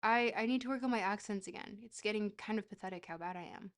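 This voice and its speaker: A woman's voice: medium pitch, fast, few pauses. A woman streamer chatting casually while playing a geography game, rambling and joking with a bit of casual swearing.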